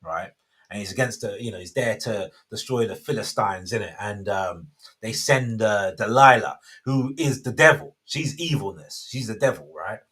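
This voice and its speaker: A man's voice: fairly low pitch, animated, normal speed, fairly bright tone, breathy edge. A man, hosting a casual faith talk and rambling with many self-interruptions. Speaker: host.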